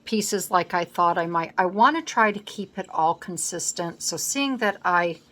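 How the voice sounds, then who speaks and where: Here a scrapbooking vlogger talks to herself in a relaxed way while crafting at her table at home, picked up by a camera placed on the work surface. Her voice runs on the low side, animated and sharp-toned, at a moderate pace.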